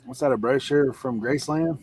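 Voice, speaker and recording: A man's voice: mid-range voice, fairly quick, background noise. A man chatting casually about reselling, telling stories and laughing often. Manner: laughs often, animated storytelling.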